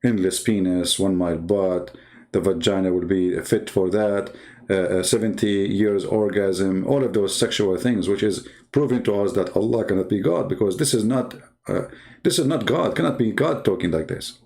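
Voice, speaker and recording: A man's voice: lowish voice, moderate pace, a little mellow. A man hosting a religious debate channel, talking in a combative, mocking way full of rhetorical questions, in non-native English. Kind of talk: heated polemical commentary.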